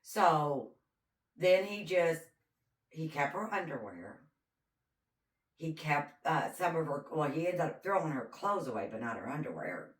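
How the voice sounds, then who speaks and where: Speaking low and a little slowly, a podcast co-host narrates a true crime case in a relaxed chat, performing each quote with animation. The recording sounds distant, with plenty of room echo.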